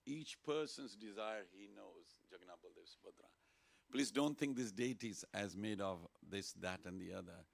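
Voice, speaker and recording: Lively man with a gravelly voice. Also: lowish voice, moderate pace. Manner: lively, playful, leads call-and-response chanting. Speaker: temple speaker. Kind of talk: informal sermon to a congregation. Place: temple hall.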